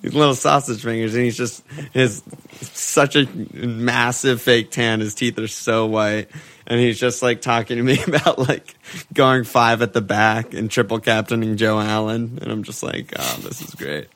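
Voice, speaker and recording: A man's voice: mid-range voice, flat delivery, moderate pace, a bit bright. A man co-hosting a casual podcast, swearing freely, rambling and laughing as he talks. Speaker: podcast co-host. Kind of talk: casual chat.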